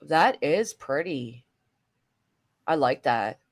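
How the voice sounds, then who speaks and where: Woman, lowish voice, chatty reaction host, animated, middle-aged. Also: slow. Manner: chatty, animated, swears casually. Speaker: commentary host. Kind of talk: casual reaction chat.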